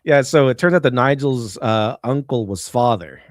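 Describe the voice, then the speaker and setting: A man's voice: mid-range voice, lively intonation, moderate pace, dry recording, studio quality. A man hosting a casual live stream, rambling, laughing often and reading viewer messages aloud. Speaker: show host.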